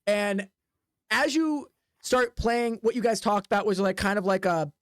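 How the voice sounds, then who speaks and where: A woman's voice: mid-range voice, measured pace, dry recording, clean studio sound. A woman narrating as game master of a tabletop game, rambling with many fillers and sound effects. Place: home desk.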